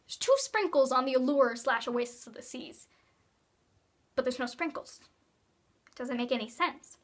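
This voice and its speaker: Bubbly, high-voiced teenage girl vlogger. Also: moderate pace. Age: teens. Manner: giggly, rambling, playful. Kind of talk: casual vlog chat.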